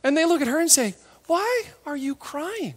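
Woman preacher, high and very animated voice, conversational sermon, echoey hall. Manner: lively and conversational, acting out the disciples and Mary in quick asides.

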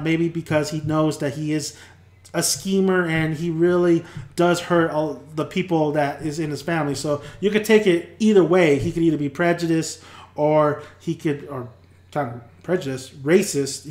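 A man hosting a casual TV review, retelling scenes in an animated way and acting out characters' lines. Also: high voice, echoey room. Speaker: TV review host. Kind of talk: casual spoken TV recap.

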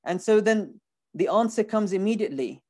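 A man's voice: high-pitched, expressive, normal speed, a little mellow. A man giving a recorded lecture on scripture, talking animatedly and emphatically, with rhetorical questions and words repeated for emphasis.

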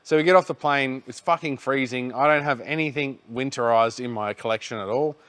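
A man's voice: medium pitch, brisk, a bit bright. An Australian man hosting a podcast, telling a rambling, laid-back story in casual chat and swearing freely. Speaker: podcast host.

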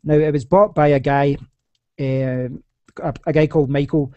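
A man's voice: on the high side, fairly even intonation, normal speed, dark tone, dry recording, lo-fi sound. A young Scottish man hosting a casual podcast chat, talking in a rambling way with many restarts. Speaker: podcast host.

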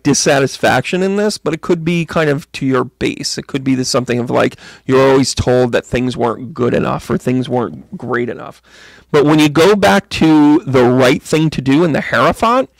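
A man's voice: mid-range voice, creaky, dry recording. A man reading tarot cards on a live stream in a casual, joking, chatty way, greeting viewers by name. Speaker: psychic medium and tarot reader.

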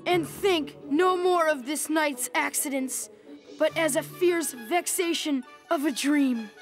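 High-voiced rhyming cartoon fairy prankster, a woman doing him, theatrical and sly, music faintly behind. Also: takes it slowly. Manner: speaks in singsong rhymes, theatrical and sly. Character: mischievous male fairy trickster, smug and rhyming. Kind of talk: cartoon voice acting.

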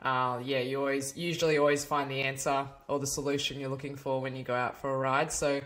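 A woman's voice: rumbling low, flat delivery, a little fast, fairly bright tone. A woman co-hosting a podcast in an upbeat, casual manner. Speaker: podcast co-host.

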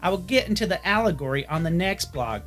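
A man's voice: high-pitched, expressive, fast, fairly bright tone, soft background music. A man narrating an opinionated film review in a blunt manner.

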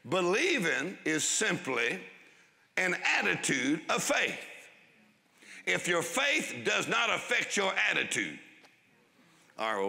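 Animated preacher with a gravelly voice. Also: male voice, medium pitch, big-room sound. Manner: emphatic, drawn-out preaching with asides. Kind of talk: sermon. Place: church hall before a congregation.

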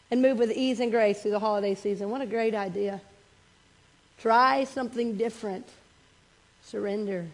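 A woman's voice: high voice, poor audio. A woman pastor giving a conversational sermon and leading a prayer, repeating affirmations. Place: church sanctuary.

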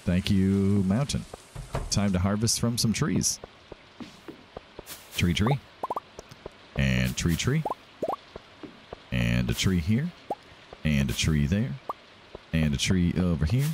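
A man's voice: sits low, animated, slow pace, pauses often, noisy background. A man hosting a let's play, chatting casually and thinking aloud as he plays. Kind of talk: casual gameplay commentary. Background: game music.

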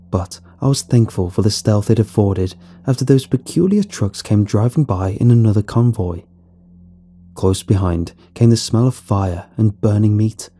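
A man narrates a horror story in a steady, measured way. His voice sits low, with a very dark, mellow tone and a husky grain. Faint music plays underneath.

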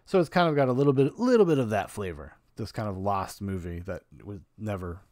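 A man's voice: on the low side, expressive, a little fast, darkish tone, no room sound, studio quality. A man hosting a podcast, giving a casual and frank film review in a rambling, opinionated way with some swearing.

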